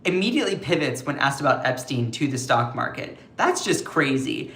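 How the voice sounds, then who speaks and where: A man hosting a live-stream commentary show, talking in an animated, sarcastic way and slipping into voices to retell quotes. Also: mid-range voice, moderate pace. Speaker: political commentary host. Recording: echoey room.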